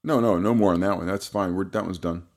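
A man co-hosting a casual podcast, rambling and halting, laughing easily and stumbling over words. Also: sits low, darkish tone. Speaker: podcast co-host. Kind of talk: casual chat.

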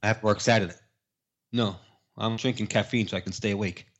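A man's voice: lowish voice, steady tone, fast talker, muffled recording. A man co-hosting a casual podcast, exhausted, telling stories in a dry, plain way. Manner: tired, dry, plain storytelling. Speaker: podcast co-host. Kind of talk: casual chat.

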